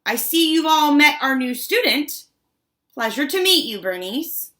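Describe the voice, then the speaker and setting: A woman's voice: high voice, very animated, measured pace, fairly bright tone, pitched above the performer's own voice, full character voice. A woman voicing a polite, formal male school principal in an audiobook, barely changing her voice. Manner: courteous, formal.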